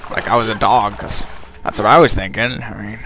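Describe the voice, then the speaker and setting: A man's voice: on the low side, fairly even intonation, a little fast, sharp tone, slight background noise. A man voicing a dim, clingy male zombie who wants brains, whiny and rambling, during game commentary.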